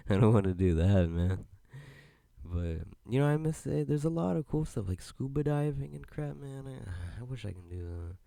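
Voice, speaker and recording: A man's voice: medium pitch, normal speed, creaky, dark tone, no echo. A young man hosting a solo podcast, rambling in a laid-back way and swearing freely. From United States. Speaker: podcast host. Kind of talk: solo casual podcast chat.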